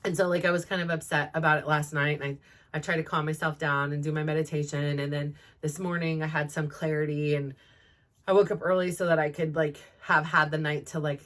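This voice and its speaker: A woman's voice: sits low, level tone, brisk, a bit bright. Rambling middle-aged woman telling a story. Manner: rambling, heavy use of "like" fillers; frank and self-reflective. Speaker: host. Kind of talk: casual personal storytime.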